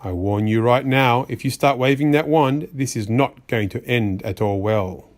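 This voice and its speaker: A man's voice: medium pitch, normal speed, pitched below the performer's own voice, close to an everyday voice. A man voicing a fussy magician's white rabbit that scolds a child in rhyme, exasperated and sing-song. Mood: scolding. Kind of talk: rhyming storybook reading.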